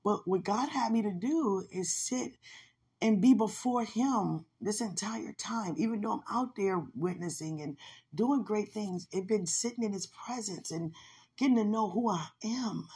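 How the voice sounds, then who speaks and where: A woman's voice: medium pitch, measured pace, mellow, slightly rough. A woman hosting a podcast, talking about her faith in a fervent, emotional way and laughing often. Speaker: podcast host. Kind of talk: devotional personal talk.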